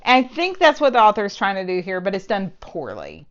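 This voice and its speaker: A woman's voice: medium pitch, wildly swooping pitch, brisk, fairly bright tone. Woman doing a snarky book review vlog, fed up, kinda muffled audio. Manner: sarcastic, exasperated. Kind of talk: casual spoken book review.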